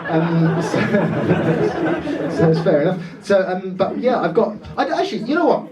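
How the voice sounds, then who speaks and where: A man's voice: high voice, sing-song, measured pace, far from the mic, heavy background noise. A man from Dorset doing stand-up crowd work, chatty and swearing as he talks with the audience. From Dorset, England. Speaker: stand-up comedian. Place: comedy club stage. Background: laughing crowd.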